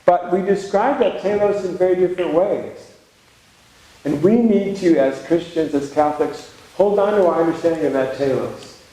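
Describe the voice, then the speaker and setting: A monk with a high, dark-toned voice speaks at a moderate pace during a spiritual retreat talk. He's conversational and reflective, adding humorous asides, in a very echoey space with faint background noise.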